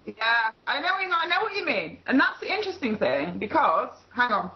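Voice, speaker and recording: A woman's voice: a little high, very animated, normal speed, dull audio. A woman with a Yorkshire accent talking casually on a video call, rambling and chatty with easy laughter. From Leeds area, England. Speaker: call participant. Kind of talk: casual conversation.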